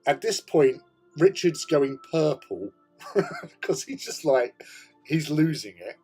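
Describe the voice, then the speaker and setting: A man's voice: on the high side, sing-song, takes it slowly, a little mellow, breathy edge, soft background music. A middle-aged British man hosting a hobby chat, telling a rambling story, laughing often and swearing casually. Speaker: hobby channel host.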